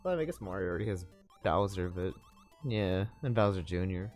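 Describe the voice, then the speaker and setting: A man's voice: low-pitched, lively intonation, brisk, a little mellow, soft background music. A man co-hosting a casual gaming chat, joking and teasing, rambling with lots of fillers. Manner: joking, teasing, laughs often. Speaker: let's play co-host.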